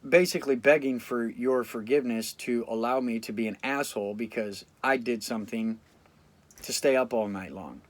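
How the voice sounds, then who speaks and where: A man's voice: medium pitch, moderate pace. Blunt, cursing man talking to camera. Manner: blunt, profane, reflective. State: fatigued after a sleep deprivation study. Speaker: vlogger. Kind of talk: casual talk to camera.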